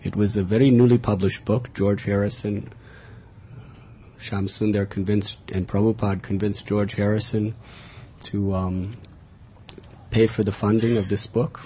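A man from America, telling a personal spiritual story in an earnest, lively way, recorded in a dull, lo-fi recording. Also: on the low side, a little slow. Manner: earnest, animated in tellings, chuckling. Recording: dull lo-fi recording with faint hiss.

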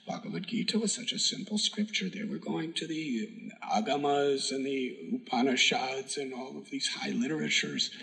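A man giving a sermon, telling a devotional story in an earnest, emphatic way that sometimes drops to a hush. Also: mid-range voice, gravelly, rough recording. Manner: earnest, emphatic storytelling with hushed whispered moments. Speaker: spiritual teacher.

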